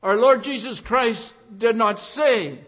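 A man's voice: extremely high pitch, lively intonation, slow pace, a bit bright. A man preaching a sermon, emphatic and repeating key phrases with rising force.

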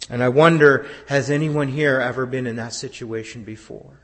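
A pastor preaching a sermon, swinging from loud declarations down to hushed, almost whispered lines. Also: male voice, mid-range voice, steady tone, normal speed, hardly any pauses, in a large hall.

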